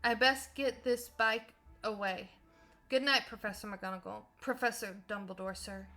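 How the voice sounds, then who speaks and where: A woman reading a storybook aloud, voicing a big soft-hearted giant man who stammers loudly through his tears. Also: mid-range voice, steady tone, moderate pace, faint music behind. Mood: sniffly. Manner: stammering, loud and drawn out.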